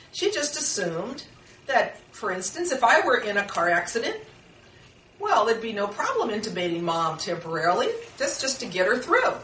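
Captured from far off in an echoey room, this older woman gives an informal class talk, earnest and chatty, voicing her family members as she goes. Her voice is medium-pitched and fairly bright, with a little hiss or hum in the background.

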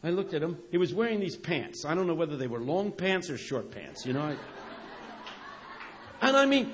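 A man preaching a sermon, animated, swinging from near-shouts down to hushed lines. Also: high-pitched, brisk, a faint crowd, slight background noise.

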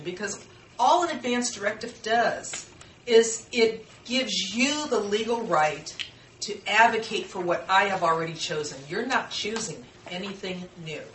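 In a casual workshop setting, an older woman talks earnestly and conversationally, slipping into the voices of relatives. She has a mid-range, slightly bright voice. The sound comes from a distance in an echoey room, with slight background noise.

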